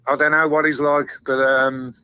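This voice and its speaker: A man's voice: a little high, little pitch movement, moderate pace, clear, resonant tone. A man calling in to a football phone-in, chatty and swearing freely, laughing as he talks. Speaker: caller. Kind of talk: phone-in chat. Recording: dull phone-line sound.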